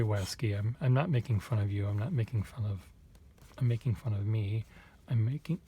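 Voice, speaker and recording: Man vlogger, low and mellow, halting and self-mocking, faint hum behind. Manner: halting and self-deprecating, muttered asides. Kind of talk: casual thinking aloud to camera.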